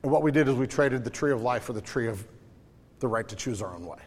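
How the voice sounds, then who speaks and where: Animated man preaching in a reverberant hall. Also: medium pitch, quick pace, breathy edge. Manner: conversational, animated, acts out voices in his stories. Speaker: pastor. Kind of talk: sermon.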